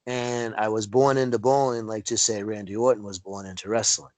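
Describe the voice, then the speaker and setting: Animated storytelling man on a video call. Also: brisk, no room sound, poor audio. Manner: animated storyteller, acts out quotes with big pitch jumps. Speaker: wrestling referee guest. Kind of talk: casual storytelling interview.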